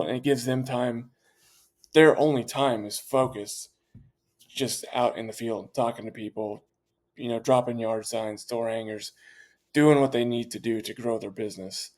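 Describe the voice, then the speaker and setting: A franchise owner, appearing as a podcast guest, explains his business in candid interview talk. He has a mid-range voice and sounds confident and conversational, with many fillers and restarts.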